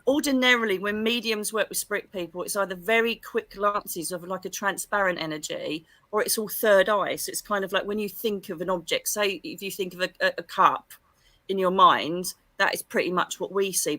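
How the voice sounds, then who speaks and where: Middle-aged English woman, guest storyteller, bright and forceful tone, lively delivery, dry close sound. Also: mid-range voice, normal speed, no room sound. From England. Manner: lively, expressive, acts out quoted dialogue. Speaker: psychic medium guest. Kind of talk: animated storytelling in an interview.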